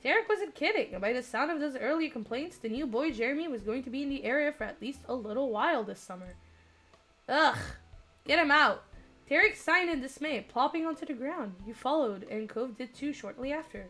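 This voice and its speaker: A young woman streaming, reading a dating game aloud and chatting with viewers, excitable with squealing laughs. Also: high voice, brisk, few pauses.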